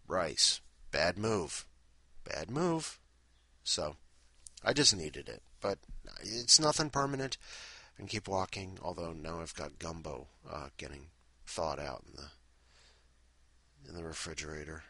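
A man's voice: low-pitched, sharp tone, dry recording. A man hosting a podcast in casual, rambling, self-deprecating chat. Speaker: podcast host.

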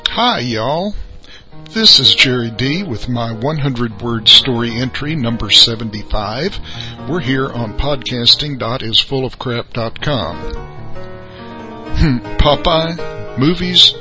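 A man, reading his short story entry for a podcast in a folksy, unhurried way. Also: medium pitch, expressive, bright, forceful tone. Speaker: podcast contributor. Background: music.

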